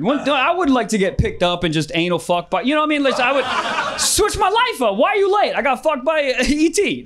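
A man doing improvised stand-up comedy in a club, loud and crude, breaking into laughs and yells. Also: very high-pitched. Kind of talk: improvised stand-up riffing on audience suggestions. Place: comedy club stage with audience. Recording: live club recording with crowd noise.

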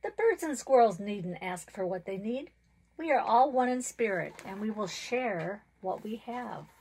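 A woman's voice: medium pitch, unhurried, slightly rough. Give me a woman doing a solemn old male willow tree. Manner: solemn, calm.

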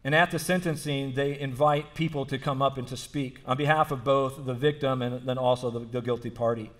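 A man's voice: mid-range voice, steady tone, a little fast, a bit bright. A man preaching a sermon as pastor, telling a story earnestly and repeating phrases for emphasis. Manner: frequent restarts and fillers like "like".

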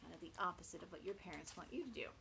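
A woman teacher reading a picture book aloud to young children, expressive and friendly. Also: lowish voice, very fast, vocal fry, noisy background.

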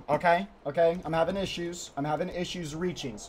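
A young man livestreaming a hard climbing game, talking to his chat in a panicky, pleading way, often repeating himself and sometimes shouting. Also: on the high side, fairly even intonation, fairly quick, few pauses, a little hiss or hum. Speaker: livestreaming gamer. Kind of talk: live gameplay commentary.

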